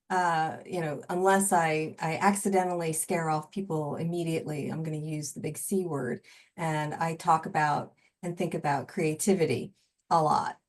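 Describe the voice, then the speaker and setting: A woman in her forties, a creativity coach, talking reflectively as a podcast guest with frequent fillers. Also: on the low side. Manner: reflective, thoughtful, many fillers. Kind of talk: casual interview conversation.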